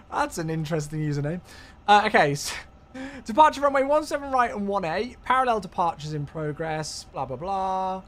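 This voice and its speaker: Lively high-voiced man streaming. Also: a little fast. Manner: chatty, thinking aloud, thanking viewers warmly. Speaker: flight sim streamer. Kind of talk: live-streamed flight sim commentary.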